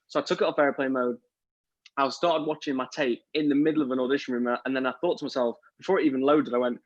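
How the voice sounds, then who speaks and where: A young male actor chatting casually on a live stream, animated and telling a story while acting out the voices in it. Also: a little high, fast talker, no room sound. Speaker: lead actor. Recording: dull lo-fi stream audio.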